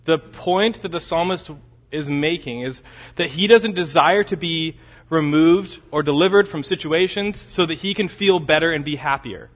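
A male preacher with a fairly high voice delivers an expository sermon. He leans hard into emphatic lines, then sinks to near-quiet, low phrases, and he repeats key phrases to drive a point home. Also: normal speed, long reverb tail. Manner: emphatic, swings between loud urgent peaks and quiet low drops.

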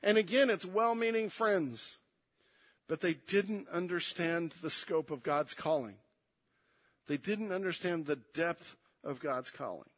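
A man preaching a sermon, moving between hushed and emphatic delivery and repeating words to press his points. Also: fairly high pitch, unhurried.

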